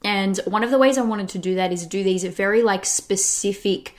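A woman's voice: mid-range voice, normal speed. Chatty young woman podcast host. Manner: chatty, with frequent "like" and restarts. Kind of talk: casual solo podcast talk.

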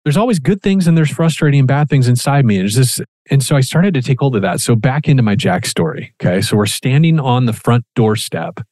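Podcast co-host, male, mid-pitched, lively storyteller who swears casually, dry booth sound. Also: a little fast, hardly any pauses, no echo. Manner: animated, acts out quoted dialogue, swears casually.

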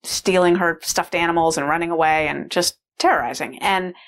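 A woman's voice: fairly low pitch, fairly even intonation, normal speed. A middle-aged mother telling a personal story in a casual, rambling way, full of "like" fillers. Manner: rambling, heavy use of "like" fillers.

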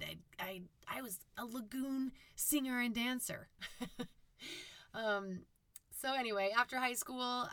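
A woman from Utah with a low, raspy, husky voice, chatting casually on her own podcast and rambling with fillers and self-corrections. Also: fairly bright tone, no echo. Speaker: podcast host. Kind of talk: casual solo podcast monologue.

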